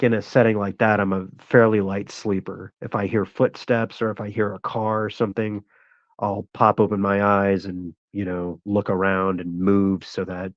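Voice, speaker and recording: A man's voice: low voice, dry recording. A man hosting a show, telling a rambling, profane personal story and laughing at it. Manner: rambling, profane, laughs at his own stories. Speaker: host. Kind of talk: casual storytelling. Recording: dull, dry lo-fi sound.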